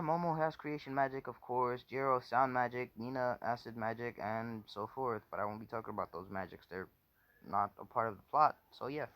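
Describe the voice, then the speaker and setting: A man's voice: mid-range voice, fairly bright tone, dry recording. A man casually telling a made-up story off the cuff, rambling, correcting himself often and swearing. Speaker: fan fiction storyteller.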